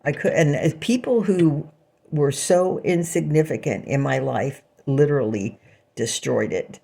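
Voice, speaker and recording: Gravelly woman in a bitter, rambling vlog. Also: low voice, unhurried, dark tone. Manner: bitter, sarcastic, with frequent laughing asides. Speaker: vlogger. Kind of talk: rambling personal monologue.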